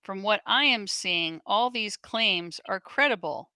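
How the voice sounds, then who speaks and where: A woman co-hosting, reading viewer comments and questions aloud in a steady way with the odd dry aside. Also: medium pitch, unhurried, smooth, dry recording.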